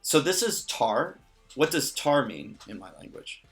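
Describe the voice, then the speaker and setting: A man's voice: medium pitch, sing-song, measured pace, fairly bright tone, soft background music. Patient man teaching a made-up language. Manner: patient, explains step by step with small jokes. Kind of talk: casual spoken language lesson.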